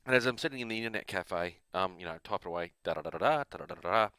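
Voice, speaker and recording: A man's voice: low voice, lively intonation, rapid-fire, sharp tone, clean tone, no room sound. A man with an Australian accent, host of a gaming channel, telling a long rambling story in a casual, self-amused way.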